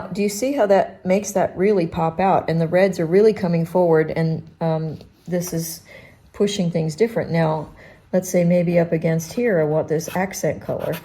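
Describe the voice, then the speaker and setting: Low, mellow-voiced woman teaching pastels. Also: a little hiss or hum. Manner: relaxed, thinking aloud, halting with restarts. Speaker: art teacher demonstrating pastel painting. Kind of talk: unscripted painting demonstration.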